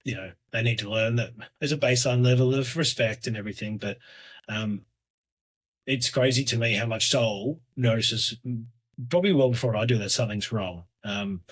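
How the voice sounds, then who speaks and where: A man in his thirties hosting a solo podcast, talking in a hesitant, reflective way with lots of fillers and restarts, often trailing off quietly. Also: lowish voice, slightly rough. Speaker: podcast host.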